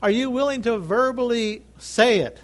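With a very high-pitched voice at normal speed, a man preaches forcefully and repetitively, urging the congregation to answer with amens.

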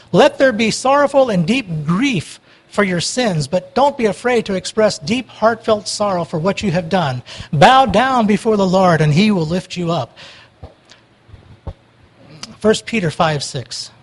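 High-voiced male preacher. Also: husky, rough recording. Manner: emphatic, swings from loud urging to quiet pleading. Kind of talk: sermon.

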